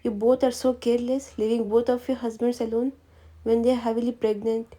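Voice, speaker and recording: A woman's voice: a little high, little pitch movement, quick pace, dark tone, lightly acted. A woman reading a story aloud, voicing a bossy mother who scolds and gives orders. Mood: scolding. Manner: scolding, commanding. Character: bossy, scolding mother-in-law, fierce yet loving.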